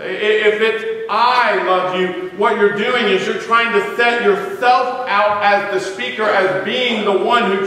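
A man's voice: sits high, sharp tone. Man preaching in an echoey church. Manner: emphatic, stresses single words. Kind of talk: sermon. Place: church sanctuary. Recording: echoey church hall, mic at a distance.

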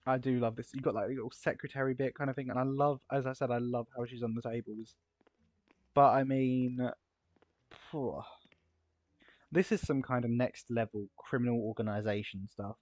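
A man's voice: mid-range voice, no echo. Guy gushing over game builds, gasping a lot, dry dull-sounding mic. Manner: excitable and gushing, quick gasps and exclamations. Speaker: game video creator touring player builds. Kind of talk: casual gameplay commentary. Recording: slightly dull, lo-fi recording.

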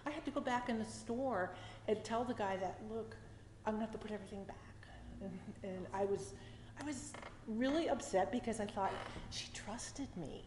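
A woman's voice: on the high side, fairly quick, darkish tone, a little hiss or hum. Woman telling a true story on stage, chatty, laughs as she goes, lots of restarts, echoey hall with long reverb. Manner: chatty and emotional, with laughing asides and many restarts. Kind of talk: live personal storytelling on stage. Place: arts center hall at a story slam.

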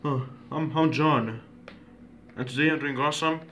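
A man chatting playfully in a home video, halting and repeating himself while making up silly introductions. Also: a little high, a bit bright, a little hiss or hum.

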